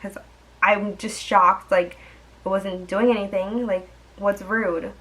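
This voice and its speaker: A woman's voice: medium pitch, steady tone, slow pace, fairly bright tone, slight background noise, low-quality recording. A young woman vlogger telling a dating story in a chatty, exasperated way, full of fillers and asides. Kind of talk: storytime vlog.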